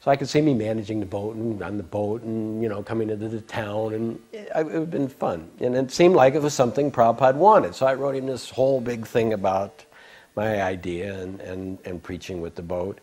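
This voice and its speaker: An older man casually recounting a personal memory, rambling with frequent restarts, stammers and soft laughs. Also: lowish voice, a little fast. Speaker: devotee recalling memories. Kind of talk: casual storytelling.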